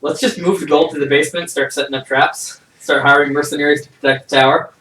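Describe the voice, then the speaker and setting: A man's voice: on the high side, fairly even intonation, fast talker, sharp tone. A man playing a tabletop game, joking and swearing in casual chat. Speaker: player. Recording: echoey room from far off, noisy.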